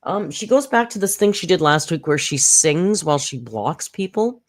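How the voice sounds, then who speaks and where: Snarky, animated woman commentator. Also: lowish voice, moderate pace. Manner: snarky, profane, rambling with fillers. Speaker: commentary channel host. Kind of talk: casual live reaction commentary. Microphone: close desk mic.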